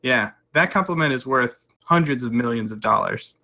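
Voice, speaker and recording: A man's voice: mid-range voice, animated, moderate pace, vocal fry, sharp tone. A man hosting a casual chat, joking and playful.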